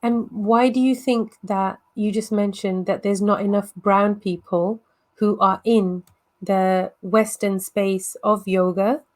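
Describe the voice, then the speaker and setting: A woman hosting a talk show, asking an interview guest questions in a calm way. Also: mid-range voice, takes it slowly.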